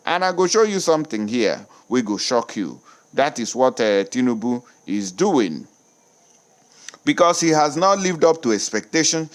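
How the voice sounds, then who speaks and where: Nigerian male host, animated commentary voice in Pidgin-flavored English, middle pitch. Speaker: news commentator. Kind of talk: casual news commentary.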